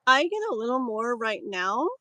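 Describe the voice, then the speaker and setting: A woman's voice: on the high side, expressive, normal speed, bright, forceful tone, dry recording, rough recording. Chatty woman tarot reader, dry mic. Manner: rambling, filler-heavy, chatty. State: voice strained, clearing throat. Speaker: tarot reader streaming live. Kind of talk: casual live-stream chat.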